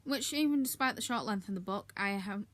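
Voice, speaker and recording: A woman talking through the books she read this month in a relaxed, candid way. She fills her sentences with ums and throws in blunt little asides. Her pitch sits in an ordinary middle range for a woman. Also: fairly quick. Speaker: book reviewer. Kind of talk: casual monthly reading wrap-up.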